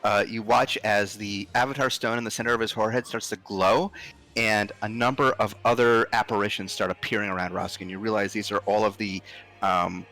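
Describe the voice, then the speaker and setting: Low-voiced man narrating a tabletop game. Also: a little fast. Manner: relaxed narration with frequent ums and uhs. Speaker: game master.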